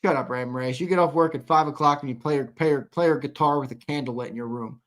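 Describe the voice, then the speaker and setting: A man's voice: medium pitch, fast talker. A tired young man hosting a live postgame sports stream, reading chat comments and ribbing viewers in a blunt, casual way. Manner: blunt, ribbing chatters, swings from mumbling to loud outbursts. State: tired, yawning.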